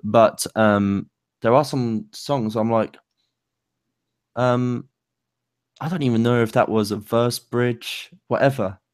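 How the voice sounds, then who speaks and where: A young man co-hosting a casual chat about songwriting, talking loosely with many fillers and pauses. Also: mid-range voice, fairly even intonation, clear, resonant tone, no room sound, studio quality. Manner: loose, lots of fillers and likes, pace speeds up and slows. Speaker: co-host.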